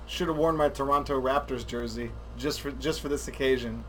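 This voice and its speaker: A man co-hosting a podcast livestream, chatting casually with quick laughing quips. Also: mid-range voice, a little hiss or hum, low-quality recording. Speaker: podcast co-host.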